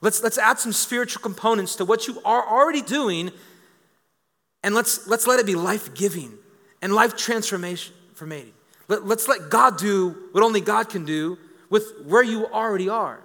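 A man in his thirties preaching a lively sermon as a pastor, joking with the congregation and repeating words as he builds a point. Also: high voice, normal speed. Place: church. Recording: reverberant church hall.

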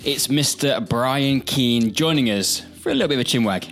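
A man's voice: medium pitch, animated, moderate pace, fairly bright tone, faint music behind. A man hosting a podcast in an easygoing, upbeat way. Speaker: podcast host. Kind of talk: casual podcast chat.

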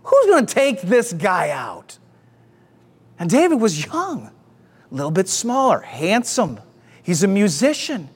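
A male pastor preaching a sermon, energetic and exclamatory, calling out to the congregation. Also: very high voice. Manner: energetic, exclamatory, call-and-response.

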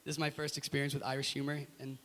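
A man from the United States telling stories in an interview, animated and emphatic. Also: medium pitch, rapid-fire. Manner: animated, emphatic, laughs through his story. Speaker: guest. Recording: echoey room with faint hiss.

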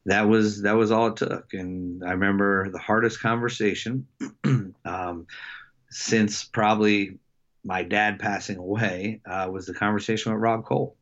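A middle-aged man, a coach, telling a personal story in a casual interview, halting with many fillers and restarts. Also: fairly low pitch, steady tone, a bit bright. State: emotional. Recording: dull lo-fi sound.

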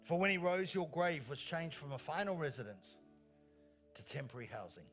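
A male pastor preaches in a church with an earnest, emphatic delivery, repeating key phrases and lifting his voice on the strong lines. His voice sits a little higher than most men's. Quiet instrumental music plays underneath. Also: big pitch swings, brisk. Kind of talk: sermon.

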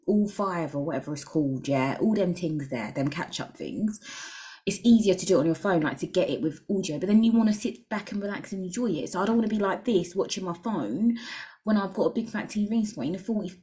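Chatty woman with a lowish voice. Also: brisk, mellow. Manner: candid, crude jokes, rambling asides. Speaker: podcast host. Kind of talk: casual solo podcast chat.

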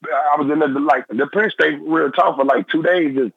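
A young man, a former football player, talking in a phone-in interview in halting, repetitive phrases. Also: fairly high pitch, vocal fry, breathy edge, dry recording. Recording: tinny phone line.

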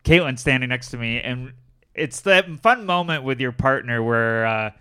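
A man in a relaxed conversation, telling a story with lively acted-out quotes. His voice is smooth and clear, and his pitch sits in the middle. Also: moderate pace. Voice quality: animated storyteller, acts out quotes in raised voices. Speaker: storyteller in a podcast chat. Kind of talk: casual chat.

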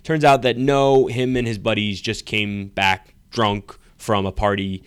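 A man's voice: fairly low pitch, flat delivery, unhurried, smooth, no echo. A man co-hosting a podcast in casual chat, rambling and laughing as he tells stories. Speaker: podcast co-host.

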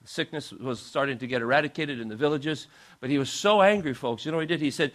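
A male pastor telling a story in a sermon, animated and acting out the people in it. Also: fairly high pitch, fast talker. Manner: animated storyteller, acts out quoted voices.

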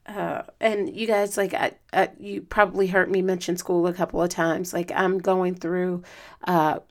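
A woman's voice: fairly low pitch, level tone, measured pace. A woman hosts her own podcast, talking to listeners in a loose, heartfelt way. Her voice sounds strained and tired from lost sleep. She wanders through thoughts with frequent fillers and restarts. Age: adult student. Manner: earnest, reflective, emotional, with many fillers. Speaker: podcast host. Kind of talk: casual solo podcast talk.

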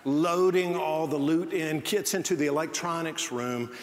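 A man's voice: on the high side, a little slow. Man preaching in an echoing church. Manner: storytelling with frequent restarts. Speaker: pastor. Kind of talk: sermon. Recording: long hall reverb, faint noise.

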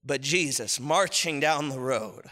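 A man preaching a sermon as pastor, swinging from low murmurs to loud impassioned shouts. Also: measured pace, in a large hall.

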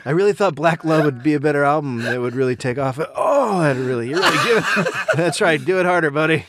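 A man's voice: fairly high pitch, fairly quick, a loud crowd, natural voice. A man voicing a faded male rock singer who talks in an earnest, overeager way. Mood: eager.

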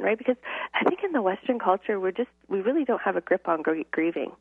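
Gravelly woman guest on a phone line. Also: mid-range voice, sing-song, fast, no echo. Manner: earnest, explanatory. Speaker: guest, children's teacher. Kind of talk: casual interview chat.

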